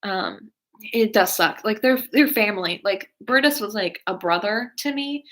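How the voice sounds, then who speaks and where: Her voice is medium-pitched, expressive, and a bit bright, moving at normal speed. As host of a casual live stream, this young woman rambles with plenty of "like" and "um" and reacts to her viewers' comments.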